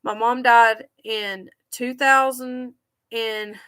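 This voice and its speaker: A grieving woman tells a personal story straight to her viewers, with a slightly high voice. She talks in a halting, heartfelt way, and her voice sinks quietly when the pain shows. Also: fairly even intonation, clear, resonant tone. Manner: halting and heartfelt, voice dropping low when sad. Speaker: vlogger.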